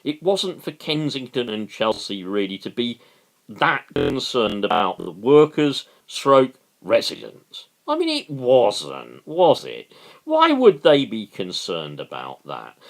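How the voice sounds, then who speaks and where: A man rants passionately about politics, sarcastic and repeating himself for emphasis. His voice swings wildly from low mutters to high outbursts. He talks slowly and deliberately. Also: huge pitch swings, creaky. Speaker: political commentator. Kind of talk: solo political rant.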